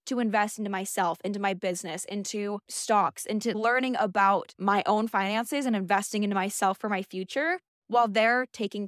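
Young woman, podcast host, chatty, sassy, emphatic, mid pitch, dry recording. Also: no echo. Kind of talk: casual monologue.

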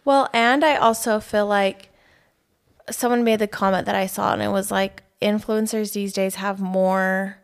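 Young woman co-host, gravelly voice, chatty gossip delivery. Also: medium pitch, fairly even intonation, measured pace. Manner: chatty, lots of fillers, gossipy. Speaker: podcast co-host. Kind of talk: casual chat.

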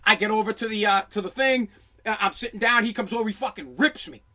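Man, profane intense storytelling, bright tone, stumbling restarts. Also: sits high, quick pace. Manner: intense, swearing, many restarts.

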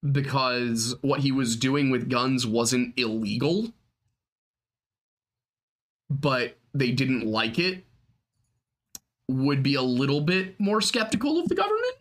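A man co-hosting a podcast in casual chat, animated and laughing, full of "like" asides. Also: medium pitch, takes it slowly, long pauses. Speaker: podcast co-host.

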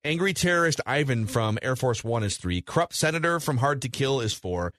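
A man co-hosting a podcast, retelling film scenes in an animated, casual way with lots of fillers. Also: medium pitch, fairly quick, no echo. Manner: animated storyteller, recounting scenes with hedging fillers. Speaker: podcast co-host. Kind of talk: casual movie review chat.

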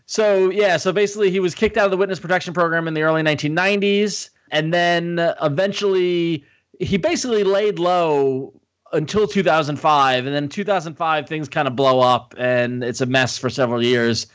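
A man's voice: a little high, normal speed, a bit bright. A man co-hosting a podcast, chatting casually, laughing often, and reading out facts. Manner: laughs often, reads out movie text. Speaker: podcast co-host.

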